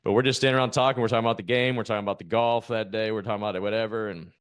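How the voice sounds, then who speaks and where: A man's voice: lowish voice, fairly even intonation, rapid-fire, smooth. A man in his forties hosting a podcast, chatting casually and joking with a guest, laughing easily. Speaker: podcast host, former pro golfer. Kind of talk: casual chat.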